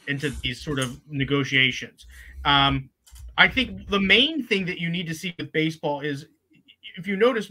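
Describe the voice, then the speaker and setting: A man's voice: on the high side, bright, forceful tone. A man co-hosting a podcast, talking sports in a rambling casual way with many restarts. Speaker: podcast co-host.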